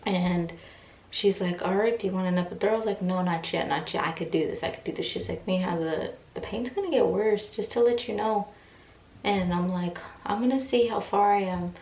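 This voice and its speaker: A woman's voice: mid-range voice, fairly quick, a little mellow. A woman in her twenties telling a personal story in a casual, emotional way, acting out the voices of the people in it. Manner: chatty, emotional, acts out quoted voices. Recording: echoey room, mic at a distance.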